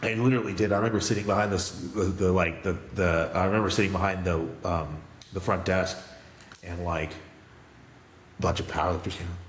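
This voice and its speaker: A man co-hosting a casual podcast chat, an animated storyteller who rambles with restarts. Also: low-pitched, fairly quick, echoey room, big-room sound, a little hiss or hum. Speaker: podcast co-host.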